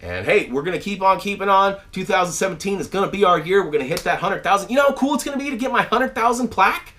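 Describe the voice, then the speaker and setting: A man in his thirties talks casually to his viewers from his house, stumbling over restarts and filler words. His voice sits a little high for a man and swings widely in pitch. The tone is bright and forceful. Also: fast talker, slight background noise. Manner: animated and chatty, many fillers and restarts, shouts out names. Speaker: channel host. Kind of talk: casual video update to viewers. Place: at home, indoors.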